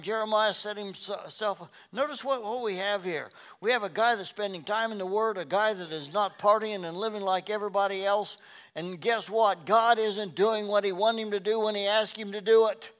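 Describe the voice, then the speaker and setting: A man preaches a sermon in a somewhat high voice. He builds to loud, emphatic peaks, then drops low and quiet, and he often repeats words as he restarts a phrase. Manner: animated preaching, swinging between loud emphatic rises and quiet low passages. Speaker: pastor.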